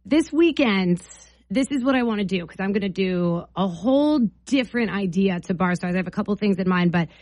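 A woman's voice: mid-range voice, lively intonation, fairly quick, a little mellow, no room sound. Playful chatty radio host woman. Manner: playful, chatty, laughs often. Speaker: radio morning show host. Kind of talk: upbeat morning radio talk.

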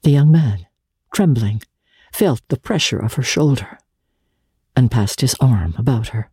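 A narrator reading a classic novel aloud in a measured, even manner. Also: mid-range voice, husky, no echo, studio quality. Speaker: audiobook narrator. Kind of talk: literary audiobook narration.

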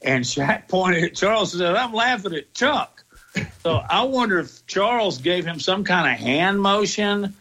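A man hosting a sports talk radio show, easygoing and quick to laugh. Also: high voice, expressive, bright, forceful tone.

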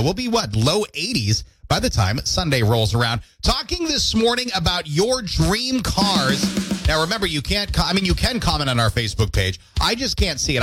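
Chatty upbeat New radio host. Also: male voice, fairly high pitch, a bit bright. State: squeaky allergy-weary throat. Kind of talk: morning radio show chat. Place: radio studio.

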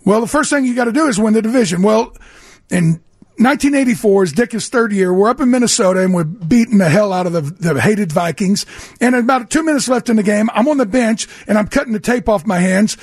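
Older male ex-player co-host, husky high voice, dry studio mic, animated storyteller. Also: brisk, dry recording. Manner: animated storyteller, acts out quoted voices, restarts often. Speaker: radio co-host and former pro football player. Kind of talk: casual sports radio storytelling. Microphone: studio microphone.

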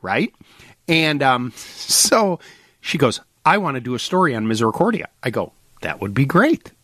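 A middle-aged man hosting a casual talk show, telling a story with lively acted-out quotes. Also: medium pitch, moderate pace, dry recording, clean studio sound. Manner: animated storyteller, acts out quotes.

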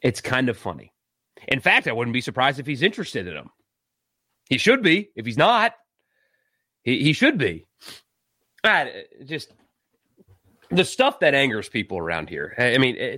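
A man from South Carolina, hosting a casual live sports talk stream, animated and exasperated. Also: mid-range voice, normal speed, pauses often, no room sound, studio quality. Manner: animated, exasperated, laughs and sighs.

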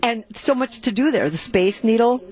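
A woman's voice: on the high side, expressive, moderate pace, darkish tone. A woman, a travel show guest chatting casually in a TV studio, upbeat and full of restarts. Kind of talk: casual TV chat.

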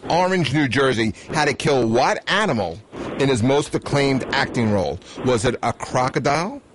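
A man's voice: mid-range voice, expressive, moderate pace, noisy background. A male radio co-host chatting casually and cracking jokes. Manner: casual, wisecracking. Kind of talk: radio banter.

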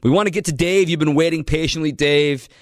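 A man's voice: on the high side, brisk, dry recording. A man hosting a sports talk radio show, talking energetically and taking calls in a studio. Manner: energetic, conversational, reads out phone numbers. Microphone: studio microphone.

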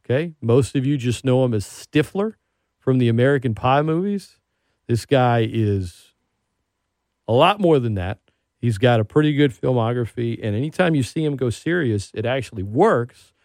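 A male radio host in casual chat, talking with lively, excitable energy at a middle pitch. The sound is dry and close, with no room around the voice. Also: moderate pace, no echo. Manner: animated, excitable storyteller.

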